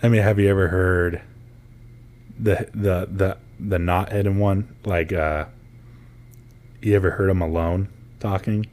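A man's voice: sits low, steady tone, unhurried, pauses often, a little mellow. A man co-hosting a podcast in casual chat, laughing often and acting out voices as he tells stories. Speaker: podcast co-host.

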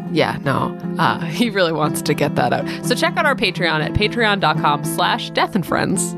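Lively, giggly woman podcast co-host. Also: sits low, moderate pace, over loud music. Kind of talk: casual comedy banter.

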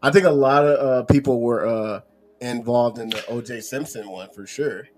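A man's voice: mid-range voice, normal speed. Casting: easygoing male co-host who asks the questions. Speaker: podcast co-host. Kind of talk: casual chat.

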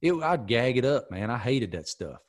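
In a casual podcast chat, the middle-aged host from the American South spins stories with animated emphasis. His pitch is medium and his pace moderate.

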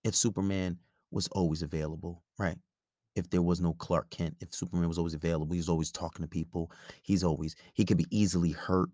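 A man's voice: low voice, little pitch movement, fast talker, a little mellow, dry recording, clean studio sound. A man hosting a podcast, giving relationship advice in a blunt, profane, rambling casual monologue.

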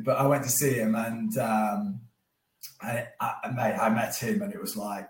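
A man's voice: lowish voice, brisk, slight background noise. A man, a guest telling stories in casual chat with frequent laughs. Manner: animated storytelling with frequent laughs. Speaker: guest, former professional cricketer. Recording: roomy echo.

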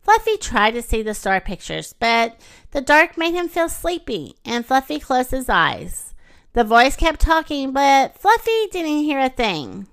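A woman narrating a children's storybook in an expressive storytelling manner. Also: high voice, measured pace, clean tone, no room sound, studio quality.

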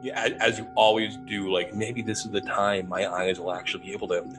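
A young paranormal investigator with a lowish voice speaks briskly over background music, telling a ghost story in a casual way. He performs the quoted dialogue animatedly, with laughs.

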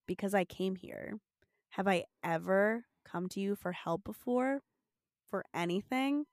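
Woman doing a deadpan, sarcastic teenage girl. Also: mid-range voice, takes it slowly, smooth, dry recording, studio quality.

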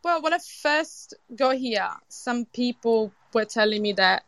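A woman's voice: fairly high pitch, measured pace, dry recording. Chatty Italian-accented woman chef. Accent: Italian, with a British tinge. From Sicily, Italy. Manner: lively and expressive, with frequent restarts. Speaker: chef and event organiser, guest. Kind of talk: casual interview talk.

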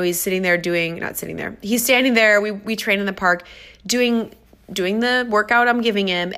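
A woman fitness trainer telling stories about her clients in a casual, enthusiastic vlog. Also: medium pitch. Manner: upbeat, enthusiastic, animated storytelling.

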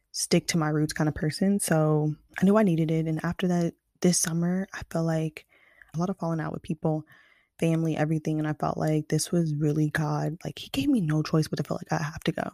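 A woman's voice: low-pitched, little pitch movement, brisk, warm tone, no echo, studio quality. A young woman from Kansas City chatting frankly to her viewers, full of fillers. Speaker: vlogger. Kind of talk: casual storytelling to camera.

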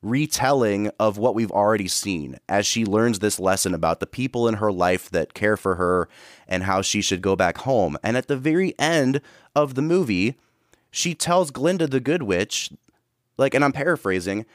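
An earnest man co-hosting a film podcast, his pitch lively as he thinks aloud. He restarts often, and the sound is dry and close. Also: moderate pace, no echo. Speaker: podcast co-host. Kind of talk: casual film review chat.

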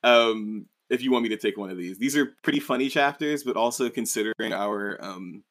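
A man co-hosting a podcast in casual chat, laid-back and quick to laugh. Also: fairly low pitch, fairly bright tone. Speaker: podcast co-host.

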